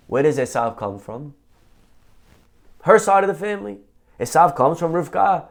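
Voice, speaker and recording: A man's voice: on the high side, lively intonation, normal speed, vocal fry, long pauses. Conversational man teaching a Torah class. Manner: conversational, rhetorical questions, quoting Hebrew texts. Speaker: rabbi teaching.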